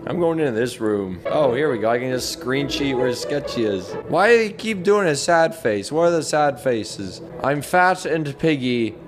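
Man, gaming commentary, excitable, jokey, very animated pitch. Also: normal speed, hardly any pauses. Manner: excitable, jokey, talks to viewers. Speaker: gaming YouTuber. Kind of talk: let's play commentary.

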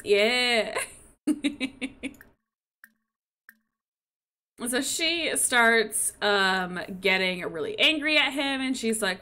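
A woman's voice: fairly high pitch, lively intonation, very slow, long pauses, sharp tone. A young woman casually narrating a life-sim game, telling the story with playful quoted asides. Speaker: gameplay narrator.

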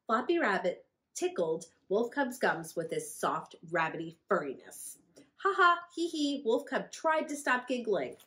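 A woman, a children's librarian, reading a picture book aloud to children in a friendly, expressive storytelling manner. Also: mid-range voice, measured pace.

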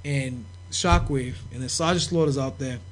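A man's voice: medium pitch, normal speed, slight background noise. A man casually telling profane backstage stories as a podcast guest, laughing and acting out the people he quotes. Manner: profane, animated, laughing, acts out quoted voices. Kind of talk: casual storytelling.

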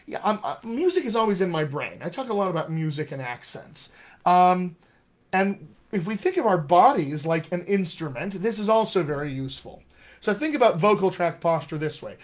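A male dialect coach teaches a live session from a room at home, chatty and animated as he speaks straight to his viewers. His voice is a little high.

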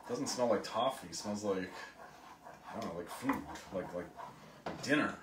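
A man's voice: lowish voice, expressive, moderate pace. A man with a Long Island accent who banters while cooking at home. He jokes, grumbles and teases in a playful way. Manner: joking, grumbling, playfully teasing. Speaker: co-host of a couple's vlog. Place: home kitchen. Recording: echoey kitchen, distant mic, background noise.

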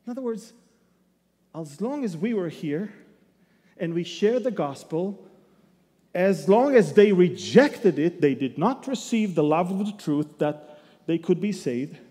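A man teaching the Bible as a sermon, emphatic, with sudden loud bursts and humorous asides. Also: sits high, lively intonation, unhurried. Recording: long hall reverb.

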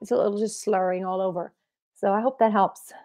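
A woman vocal coach answering viewer questions in a relaxed, explanatory way, breaking into short sung examples. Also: medium pitch, moderate pace. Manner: explanatory, demonstrates with sung snippets.

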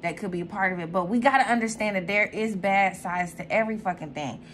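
A young woman hosting her own channel in casual, animated chat, swearing freely and jumping to sudden high squeals. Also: fast talker, a little hiss or hum. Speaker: tarot reader and channel host.

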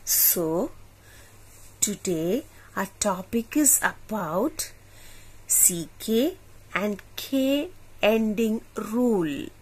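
A woman teaching a phonics lesson for children, slowly saying each sound and asking the listener to repeat. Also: medium pitch, animated, husky.

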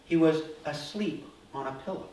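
A male pastor preaching a sermon, telling the story with animated energy and acting out voices before settling into calm, earnest teaching. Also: on the high side, normal speed, a little hiss or hum. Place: church sanctuary. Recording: roomy hall from a distance.

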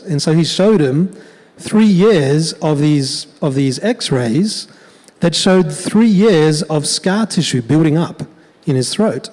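Pastor telling a story in a reverberant hall. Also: male voice, fairly high pitch, takes it slowly. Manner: conversational, animated storyteller. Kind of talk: sermon storytelling.

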